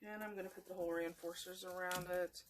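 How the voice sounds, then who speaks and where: Woman, low voice, chatty craft tutorial, meandering, sleepy, faint noise behind. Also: steady tone, quick pace. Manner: chatty and meandering, talking to viewers while working. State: yawning, sleepy.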